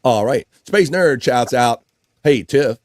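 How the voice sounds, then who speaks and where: A man's voice: mid-range voice, slow, background noise. A man hosting a live stream show, casually reading out viewer comments with jokes and frequent laughter. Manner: animated and jokey, laughs often. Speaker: livestream show host.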